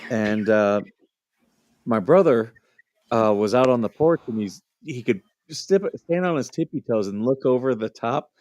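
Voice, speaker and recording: A man in casual chat on his livestream, laughing his way through funny childhood stories. His voice sits at an ordinary male pitch. The sound is dry and close, with little room around it. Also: animated, unhurried, darkish tone, dry recording, lo-fi sound. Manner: laughs often while telling stories. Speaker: livestream host.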